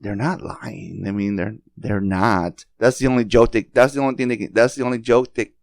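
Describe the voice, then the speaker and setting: Low-voiced halting man, dry close sound. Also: fairly even intonation, creaky, no echo. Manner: halting, many restarts and repeated words. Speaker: podcast host. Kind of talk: casual conversation.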